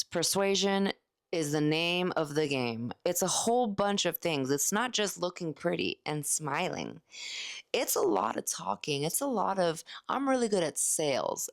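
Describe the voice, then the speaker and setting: A woman in her late thirties telling a candid, animated story about a night at work. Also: fairly low pitch. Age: 30s. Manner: animated, candid, acts out quoted lines. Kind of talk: casual storytelling vlog.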